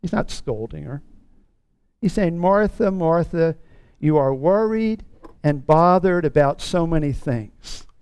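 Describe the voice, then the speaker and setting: A middle-aged man preaching a sermon in an earnest tone, stretching out key words slowly for emphasis. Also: on the high side, expressive, a little mellow, smooth, no echo. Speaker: pastor.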